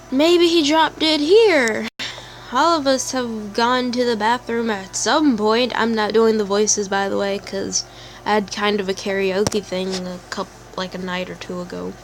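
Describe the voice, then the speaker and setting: A woman's voice: mid-range voice, fairly even intonation, a little slow, slight background noise. A woman playing a story game, reading its text aloud and chatting with giggly side comments. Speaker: let's play gamer.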